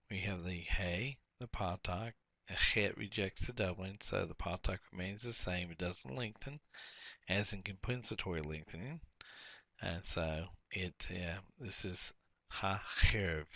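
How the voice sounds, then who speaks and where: A man's voice: sits low, creaky, fairly bright tone, no echo. A man teaching a workbook lesson, explaining each step and repeating key words.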